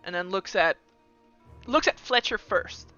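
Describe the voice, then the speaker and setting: A game master narrating a tabletop game in a lively way, briskly describing what the characters do. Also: medium pitch, lo-fi sound, soft background music. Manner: animated, laughing, describes actions briskly.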